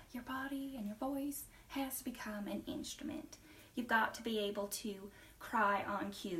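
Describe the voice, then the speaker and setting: A woman's voice: a little high, fairly bright tone, distant mic, natural voice. A woman playing a self-assured acting coach with a put-on Southern accent, listing advice in an emphatic way with sudden whispered asides in a class skit. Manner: brisk, listy, emphatic with sudden drops to a whisper. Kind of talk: comedic skit interview.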